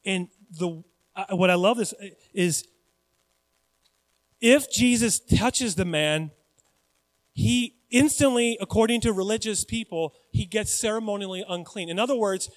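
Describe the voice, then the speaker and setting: High-voiced male pastor in a reverberant hall. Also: unhurried. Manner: conversational, animated, questions the audience. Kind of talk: sermon.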